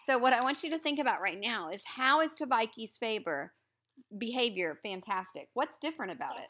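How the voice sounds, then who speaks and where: Woman teacher reading aloud, bright voice, patient and prompting. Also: on the high side, animated, brisk. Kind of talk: reading aloud with questions to listeners.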